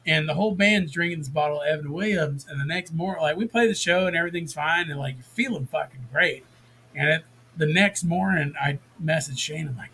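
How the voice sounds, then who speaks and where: A man, hosting a casual chat and telling a profane, animated story. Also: on the high side, brisk, a little hiss or hum. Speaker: podcast host.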